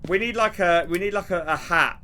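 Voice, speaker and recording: Bright-voiced rambling male game streamer. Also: high-pitched, a little hiss or hum. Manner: rambling, animated, quick to laugh and shout. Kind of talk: casual gameplay commentary.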